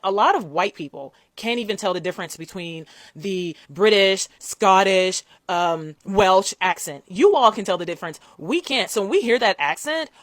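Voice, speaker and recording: A woman from the United States vlogs straight to camera in a chatty, direct way, full of "like" and "um." Her voice sits at a middle pitch. It is recorded close and dry on a phone. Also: no room sound. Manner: chatty, direct, lots of fillers like "like" and "um". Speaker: vlogger. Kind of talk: casual commentary to camera.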